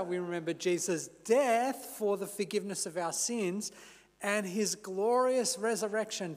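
A man preaching a sermon as pastor, measured and unhurried, with the odd casual aside. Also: high-pitched, in a large hall. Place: church.

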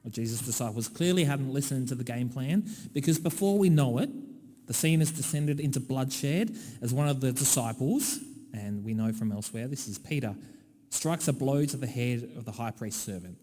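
Australian man, preacher, sermon, wry conversational asides, mellow tone, hall echo. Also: medium pitch, lively intonation, normal speed. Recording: long hall reverb.

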